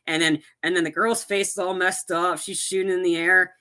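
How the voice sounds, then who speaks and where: A man's voice: high-pitched, level tone, normal speed, pushed and bright, smooth. A man co-hosting a podcast, casually recapping a movie plot in a rambling way, full of restarts and acted-out quotes. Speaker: podcast co-host.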